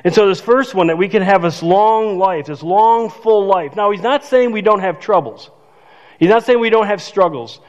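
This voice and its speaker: A man's voice: high-pitched, normal speed. An older man preaching a sermon as pastor, conversational and self-joking, laughing at his own remarks. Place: church sanctuary. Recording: dull reverberant church hall.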